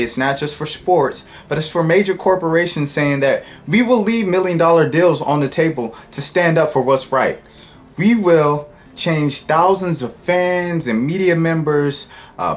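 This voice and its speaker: Chatty man vlogging about sports. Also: on the high side. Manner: chatty and joking, with quick asides. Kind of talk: casual sports commentary to camera.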